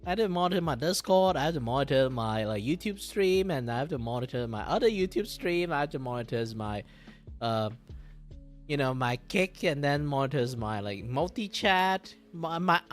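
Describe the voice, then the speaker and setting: Animated, rambling man streamer. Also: a little high. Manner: rambling, animated, swears and laughs, jumps to loud outbursts. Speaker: streamer and artist. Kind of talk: casual live-stream chat while drawing.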